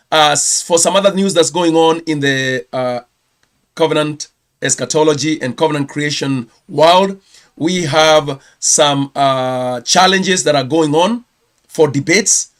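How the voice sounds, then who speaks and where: A man from Kenya with a Kenyan accent, hosting a casual ministry news roundup, chatty and quick to correct himself. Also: on the high side. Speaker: ministry host.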